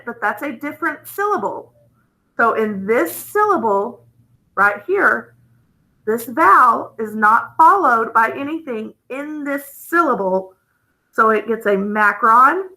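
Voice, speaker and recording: Woman teacher, phonics lesson, patient and gently enthusiastic, slow careful delivery. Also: a little high, rough recording.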